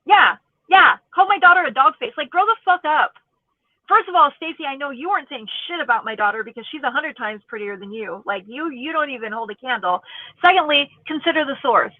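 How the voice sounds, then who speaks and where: A YouTube commentator in her forties rants angrily, casual, profane and sarcastic throughout. Her voice is high-pitched and animated, a little fast, and the recording is dry and tinny, like a phone.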